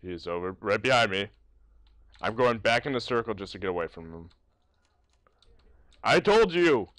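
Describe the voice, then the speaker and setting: Panicky laughing gamer man, lively pitch. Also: no room sound. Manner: panicky yelling and laughing, pleading with the monster. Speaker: gaming YouTuber. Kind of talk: let's play commentary.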